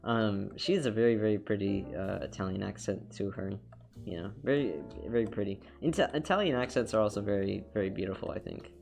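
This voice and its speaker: With faint music underneath, an upbeat man rambles while drawing live, restarting often and using many fillers. His voice is fairly low and darkish, brisk, with some vocal fry.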